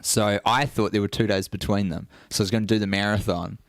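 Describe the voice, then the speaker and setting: A man's voice: on the low side, steady tone, fast, dry recording, studio quality. A man co-hosting a comedy podcast, chatting in an easygoing, teasing way. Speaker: podcast co-host. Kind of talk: casual comedic chat.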